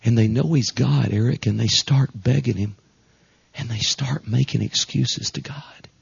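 A man, a traveling Pentecostal preacher, delivering a revival sermon emphatically, with lots of repetition and a husky voice. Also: mid-range voice, a little slow. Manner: emphatic, repetitive, swings between hushed and raised. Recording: dull lo-fi recording.

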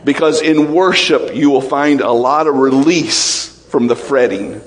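Emotional preaching man in a reverberant hall. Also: a little slow. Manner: emotional, animated preaching with laughs and sudden drops to low, quiet tones. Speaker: pastor. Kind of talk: sermon.

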